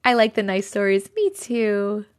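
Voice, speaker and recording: A woman's voice: medium pitch, big pitch swings, a little slow, clean tone. A woman hosting a livestream, chatting casually and reading viewer stories aloud, chatty and effusive as she reacts to the chat.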